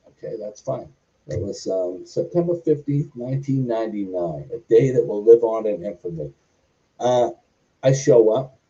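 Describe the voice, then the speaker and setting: A man's voice: mid-range voice, expressive, brisk, warm tone. A middle-aged man, a former wrestler and stuntman, telling a long rambling story as an interview guest, wandering off on tangents. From Boston, US. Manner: goes off on tangents, acts out quoted dialogue. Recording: distant, muffled audio.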